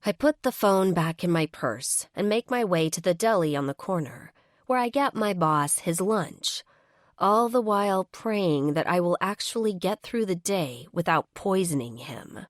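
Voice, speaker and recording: A woman narrating a first-person romance audiobook in an expressive, wry manner. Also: lowish voice, unhurried, no echo, studio quality.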